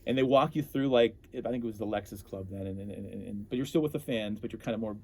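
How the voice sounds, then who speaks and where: A man telling stories as an interview guest, animated and often breaking off to restart his sentences. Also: lowish voice, quick pace, breathy edge. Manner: animated, self-interrupting storyteller. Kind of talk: casual storytelling.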